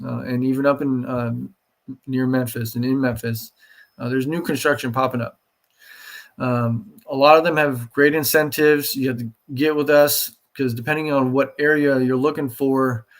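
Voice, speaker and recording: A man talking as a real estate agent on a live show, pausing often with fillers. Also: medium pitch. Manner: hesitant, many fillers. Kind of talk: live promotional talk.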